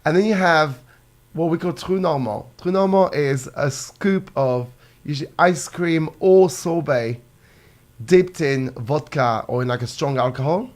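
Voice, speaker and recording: A guest from France speaks in a slightly high, unhurried voice with a French accent. He chats casually over drinks, laughing often and filling his speech with fillers.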